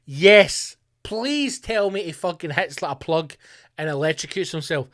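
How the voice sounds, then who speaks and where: A man's voice: fairly high pitch, expressive, normal speed, fairly bright tone. A man hosting a podcast, delivering a profane, mocking comedic rant. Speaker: podcast host.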